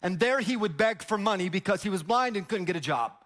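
A man's voice: high voice, animated, brisk, a bit bright. A male pastor preaching a sermon, telling a story energetically and drawing the congregation into call-and-response.

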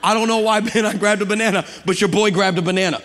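A man preaching a sermon to a congregation, lively and humorous, building up to shouting passages. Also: high voice, fast. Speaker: guest preacher. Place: church sanctuary with congregation. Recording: long hall reverb.

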